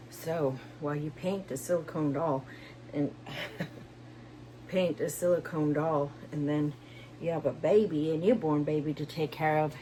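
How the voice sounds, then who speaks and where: A woman's voice: low voice, warm tone, a little hiss or hum. Tired, chatty young woman vlogger. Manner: rambling, chatty, with many fillers. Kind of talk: casual vlog chat.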